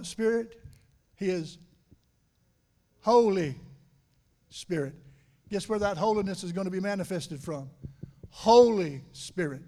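High-voiced preaching man, swelling and dropping. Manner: preaching with swells from quiet to loud and back; conversational, asks the congregation questions. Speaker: pastor. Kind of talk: sermon. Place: church sanctuary.

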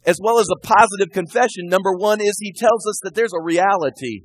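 A male pastor preaching a sermon, shifting between quiet asides and loud, emphatic readings of scripture. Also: high voice, a little fast, breathy edge, no room sound.

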